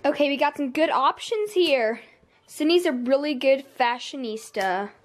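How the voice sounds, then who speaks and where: A woman's voice: high voice, lively intonation, normal speed. A woman chatting casually to her camera as a vlogger, her speech slightly altered by a dental retainer, upbeat and full of ums and little giggles. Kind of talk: casual vlog chat to camera. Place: at home by her closet.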